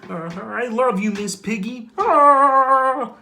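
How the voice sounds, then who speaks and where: Kermit, a nasal puppet frog. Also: male voice, very high-pitched, takes it slowly, gravelly, bright, forceful tone, a little hiss or hum, voice pushed up, heavily acted. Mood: wistful. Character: gentle wistful male puppet frog.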